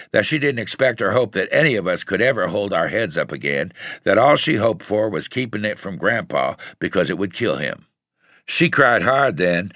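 A man narrates a story aloud in a steady, even reading voice. His low voice has a gravelly grain and a bright, forward tone. The sound is close and dry. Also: dry recording. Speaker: audiobook reader. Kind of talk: scripted narration.

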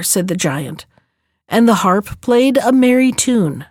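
A woman narrating a fairy tale in a clear, measured storybook reading. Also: fairly high pitch, lively intonation, darkish tone, dry recording, studio quality.

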